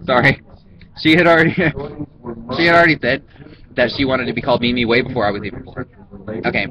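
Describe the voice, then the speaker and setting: A man's voice: mid-range voice, fairly even intonation, fairly quick, crowd noise, low-quality recording. A man with a Southern US accent, rambling casually through an accent-challenge vlog with many ums and restarts. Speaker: vlogger.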